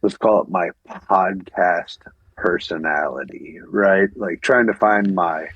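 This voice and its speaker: A man's voice: sits low, slow pace, husky, no echo. A man co-hosting a podcast, talking candidly in casual chat, often restarting and repeating words. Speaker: podcast co-host. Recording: dull lo-fi sound.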